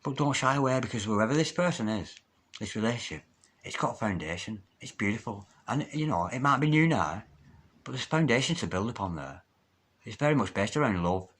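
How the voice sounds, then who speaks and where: A man giving a solo tarot reading to his viewers, chatty and encouraging, with sudden loud exclamations that drop to hushed, near-whispered asides. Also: lowish voice, lively intonation, a little fast, husky. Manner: chatty, encouraging, repeats pet phrases. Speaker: tarot reader.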